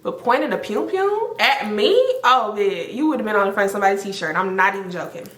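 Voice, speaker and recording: A young woman telling a story to camera in a casual, animated and profane way, with many filler words. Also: medium pitch, brisk, slight background noise. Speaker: storytime vlogger. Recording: roomy echo.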